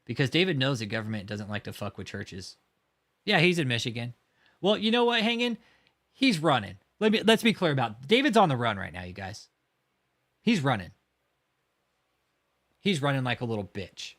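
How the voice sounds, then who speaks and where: A man's voice: mid-range voice, very animated, normal speed, long pauses, fairly bright tone. A man hosting a livestream, talking casually and heatedly, swearing often and mocking his target while reacting to chat. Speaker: livestream host.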